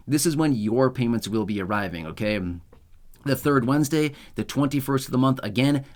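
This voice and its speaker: A man hosting his own channel, explaining payment dates in a chatty way, with sarcastic asides and frequent tag questions. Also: medium pitch. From United States. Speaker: channel host. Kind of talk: casual explainer monologue.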